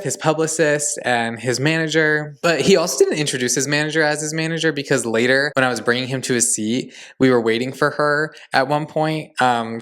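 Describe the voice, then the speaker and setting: A young man hosting a podcast, telling a story in a gushing, excitable way and saying "like" constantly. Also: medium pitch, smooth. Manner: excitable, gushing, heavy use of "like". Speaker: podcast host. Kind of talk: casual storytelling monologue.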